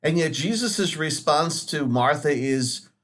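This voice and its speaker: A man speaking as a Catholic priest, giving a Sunday homily in an earnest, measured way with dramatic pauses. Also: fairly high pitch, expressive, a bit bright.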